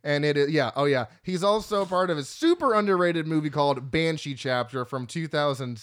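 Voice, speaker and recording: A man's voice: fairly high pitch, lively intonation, fairly quick. A man co-hosting a casual movie podcast, rambling with lots of fillers and the odd swear. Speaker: podcast co-host.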